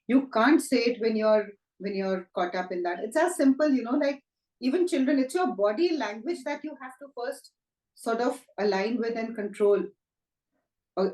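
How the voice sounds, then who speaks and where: A woman, a Reiki teacher speaking gently and reflectively in a conversational talk, often asking rhetorical questions. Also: a little high, echoey room, rough recording. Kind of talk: conversational talk on self-help.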